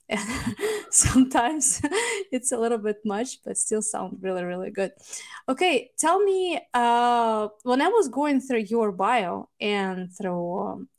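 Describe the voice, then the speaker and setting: A middle-aged woman hosting a podcast interview, talking in a halting way with pauses and restarts as she searches for words. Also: medium pitch, vocal fry. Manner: halting, searching for words, non-native phrasing. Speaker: podcast host. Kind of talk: casual interview.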